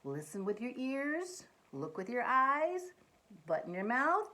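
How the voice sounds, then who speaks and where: A woman reads a picture book to small children in a bright, high voice. Her pitch swoops all over the place, and she keeps checking in with her young listeners. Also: big pitch swings, slow pace. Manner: gentle, coaxing, asks the listener questions. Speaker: storyteller reading a picture book. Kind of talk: children's read-aloud storytime.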